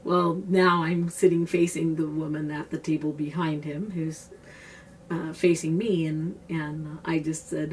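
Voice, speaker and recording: Sitting low in pitch with a level tone, this woman talks a little slowly to camera, explaining what it means to be an empath. She describes herself as one and is teaching a technique, speaking earnestly and conversationally with loose restarts. The mic is distant, with slight background noise.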